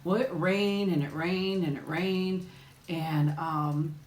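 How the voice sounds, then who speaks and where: A woman's voice: lowish voice, fairly even intonation, takes it slowly, a little mellow, roomy sound. A woman hosting a casual live chat with viewers while eating. She tells stories in a chatty way and often laughs as she talks.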